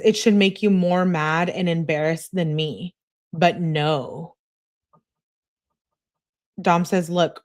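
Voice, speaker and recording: A woman, a true crime commentator, reading both sides of a text exchange aloud in a flat recounting tone. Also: lowish voice.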